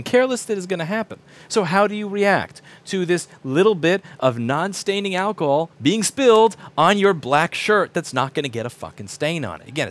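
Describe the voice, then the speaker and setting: A man in his thirties, a repair shop owner, ranting casually to camera, profane, acting out quoted people in shifting voices. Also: fairly high pitch.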